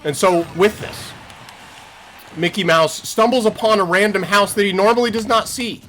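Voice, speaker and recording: A man's voice: high voice, normal speed, slight background noise. A young man streaming, rambling through improvised silly stories with many fillers. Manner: rambling, filler-heavy, animated. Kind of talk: improvised storytelling to chat. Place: home streaming setup.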